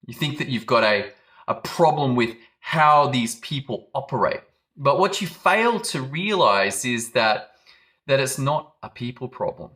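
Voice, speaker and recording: A man's voice: mid-range voice, expressive, unhurried, bright, forceful tone. A man giving a motivational business talk, telling a dramatic story and acting out quoted lines. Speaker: business coach.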